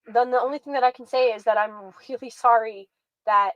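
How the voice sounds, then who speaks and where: A woman with a high voice delivers sarcastic, exasperated commentary as a show host. The recording is dry and close, with no room sound. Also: steady tone, brisk, fairly bright tone, no echo, lo-fi sound. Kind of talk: reactive commentary.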